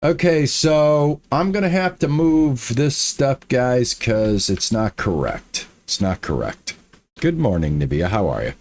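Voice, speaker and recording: Man, gaming streamer, slow and lively-pitched, chatty self-talk while he builds. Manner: talks to himself while building, frustrated muttering and repeats. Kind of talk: casual let's-play commentary.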